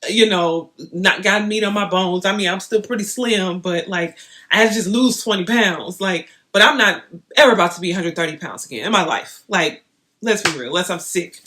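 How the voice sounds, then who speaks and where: A young woman vlogging, chatting straight to her viewers in an animated, storytelling way. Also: mid-range voice, moderate pace. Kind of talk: casual storytelling to camera.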